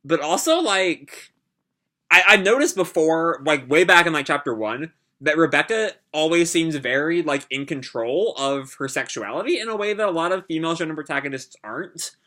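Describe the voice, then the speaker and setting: A man hosting a manga reaction, reading chapters aloud and pausing to comment with hesitant, reflective asides. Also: a little high, lively intonation, sharp tone. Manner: hesitant, lots of fillers and restarts, reflective.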